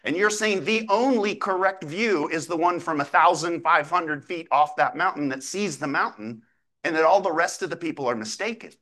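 Man, pastor, sermon, bright and forceful tone, slightly high voice, rhetorical questions, emphatic scripture reading. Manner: conversational preaching with rhetorical questions; reads scripture aloud slowly and emphatically.

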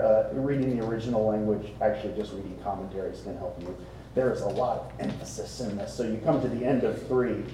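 A man preaching a sermon to a congregation, conversational and animated, often asking the room rhetorical questions. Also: mid-range voice, a little hiss or hum. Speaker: pastor. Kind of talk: expository sermon. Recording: very echoey room, speaker distant from mic.

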